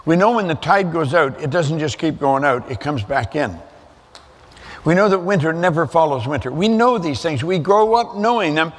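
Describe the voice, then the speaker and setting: A man's voice: a little high, animated, moderate pace. An older man giving a motivational seminar talk to an audience, conversational and storytelling, repeating his points for emphasis. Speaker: motivational speaker. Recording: long hall reverb.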